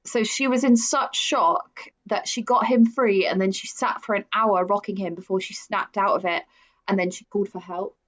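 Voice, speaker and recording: A woman's voice: mid-range voice, fairly even intonation, normal speed, a bit bright. A woman co-hosting a casual true crime podcast, talking in a chatty way with fillers. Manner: chatty, with frequent fillers and laughs. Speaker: podcast co-host.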